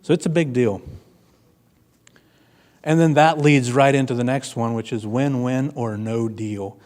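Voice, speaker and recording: A man speaks to a room at a conference in an earnest, plainspoken way. He tells stories with casual fillers, at an ordinary pitch for a man. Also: fairly even intonation, unhurried, darkish tone. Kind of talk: keynote talk. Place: conference room before an audience.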